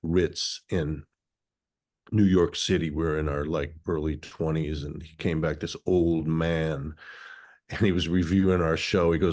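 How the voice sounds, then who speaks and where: A man around sixty from Minnesota, guest in an interview. He recounts his life story in a thoughtful, philosophical way, with a notably deep, low voice. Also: a little slow, a little mellow. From Minnesota, USA.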